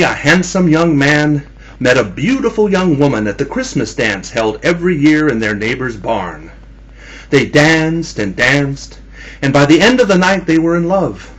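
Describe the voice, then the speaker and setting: Male storyteller, spooky Halloween tale; slow, animated pitch, slightly raspy, teasing. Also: rough recording. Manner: teasing, theatrical, addresses listeners as kiddies.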